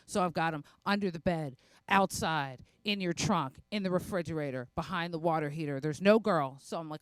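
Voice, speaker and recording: Smooth-voiced woman doing stand-up. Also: sits low, brisk, few pauses, no room sound. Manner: conversational, self-mocking storytelling with quoted asides. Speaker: stand-up comedian. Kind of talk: stand-up comedy set.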